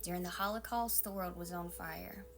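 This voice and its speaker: A woman pastor with a Southern accent, giving a calm, maternal devotional sermon and often dropping into a soft whisper. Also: lowish voice, normal speed.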